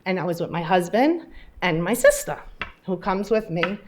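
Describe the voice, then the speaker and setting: A woman's voice: lowish voice, moderate pace, a little hiss or hum. Chatty woman telling her own story. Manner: chatty, animated storyteller who acts out dialogue. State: a little nervous. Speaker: patient speaking at an event. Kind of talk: personal story told to a live audience.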